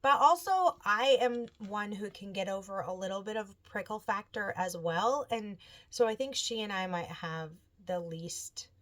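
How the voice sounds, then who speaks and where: A woman in her thirties hosting a knitting video podcast, telling stories in a chatty, animated way and acting out the people she quotes. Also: medium pitch, a little slow. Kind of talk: casual chat.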